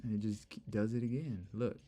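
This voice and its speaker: A man's voice: lowish voice, fairly even intonation, brisk, dark tone, soft background music. A young man hosting a casual live stream, chatting loosely and repeating himself while explaining charts to viewers. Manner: chatty, repeats "look" and "bro". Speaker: livestream trading host.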